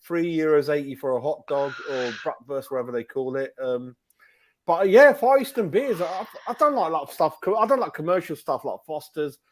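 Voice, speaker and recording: A man's voice: a little high, expressive, fairly quick, slight background noise. A man co-hosting a casual pub-style chat, blunt and opinionated and swearing freely. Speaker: podcast co-host.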